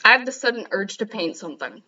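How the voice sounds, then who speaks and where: A woman's voice: medium pitch, very animated, fast, bright, forceful tone, far from the mic, muffled recording, slight background noise. A young woman streamer chatting casually, rambling and giggling at herself. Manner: giggly, rambling, self-mocking. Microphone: headset.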